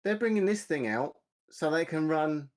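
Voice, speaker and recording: A man's voice: fairly high pitch, lively intonation, normal speed. A man, grumbling bluntly and swearing freely in casual podcast chat. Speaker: podcast co-host.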